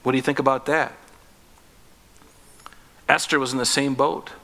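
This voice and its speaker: A man preaching a sermon, telling Bible stories with lively, acted-out quotes and chuckles. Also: medium pitch, moderate pace, vocal fry. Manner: animated storytelling, acting out scripture quotes, chuckling. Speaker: pastor.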